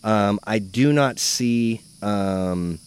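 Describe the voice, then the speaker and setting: A man's voice: lowish voice, very slow, clear, resonant tone. A man co-hosting a casual chat, retelling a story loosely with lots of fillers. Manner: relaxed, rambling storytelling with many fillers. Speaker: podcast co-host.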